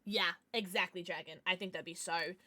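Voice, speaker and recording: A woman streamer chatting casually on a livestream, bubbly and excitable, swearing now and then. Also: on the low side, a little fast, dry recording.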